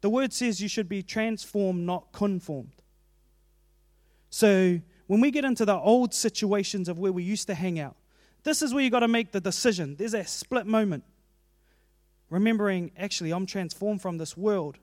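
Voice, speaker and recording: High-voiced New preacher, earnest. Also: male voice, moderate pace, darkish tone, no echo, clean studio sound. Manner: earnest, conversational, personal asides. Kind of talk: sermon.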